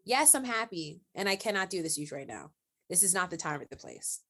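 Expressive woman reacting in casual chat. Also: lowish voice, fairly quick. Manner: expressive, reacts with gasps and laughs. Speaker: podcast co-host.

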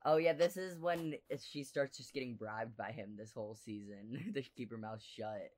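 A woman co-hosting a podcast, chatting casually about a TV episode with quick reactions and rambling asides. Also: a bass voice, darkish tone. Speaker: podcast co-host. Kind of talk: casual TV recap chat.

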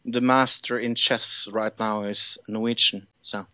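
Bright-voiced stammering podcast host, a man. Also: on the low side, little pitch movement, measured pace, no echo, highs cut off. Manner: stammering, laughs often. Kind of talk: casual chat.

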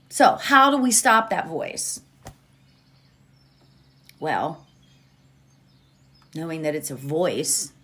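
A woman hosts a motivational podcast, speaking slowly and chatting straight to her listeners. Her pitch swings widely. There is faint environmental noise behind her. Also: fairly bright tone. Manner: chatty, laughs often, addresses listeners directly. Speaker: podcast host. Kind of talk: casual motivational podcast talk.

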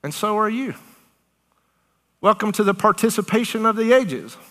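A woman preaching a charismatic sermon, animated and excited, often laughing between phrases. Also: medium pitch, normal speed. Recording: long hall reverb.

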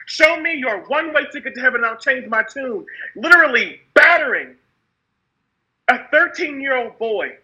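A woman's voice: high-pitched, lively intonation, moderate pace, pushed and bright, poor audio. A woman from the United States giving a raw, impassioned personal testimony, repeating phrases for emphasis. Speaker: speaker sharing her story.

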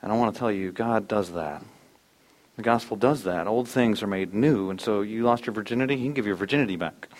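Earnest man preaching a sermon. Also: fairly quick. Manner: earnest, swings between soft low lines and loud animated ones. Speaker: pastor. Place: church.

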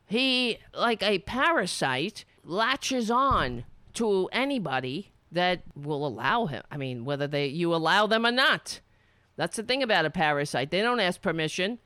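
A woman's voice: mid-range voice, sharp tone, smooth, no echo. A woman giving an angry, profane commentary on a played clip, sarcastic and mocking. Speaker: political commentator.

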